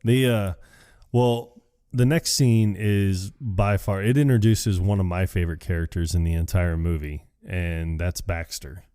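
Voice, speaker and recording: A man's voice: low voice, steady tone, unhurried, dark tone, clear, resonant tone, dry recording, clean studio sound. A man co-hosting a podcast, casually retelling film scenes and laughing often. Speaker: podcast co-host. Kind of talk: casual movie chat.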